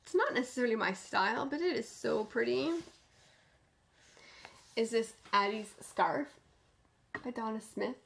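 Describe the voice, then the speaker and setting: A woman hosting a knitting podcast in casual chat, gushing with enthusiasm and often dropping to a soft near-whisper. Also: fairly high pitch, unhurried, gravelly, long pauses, a little hiss or hum.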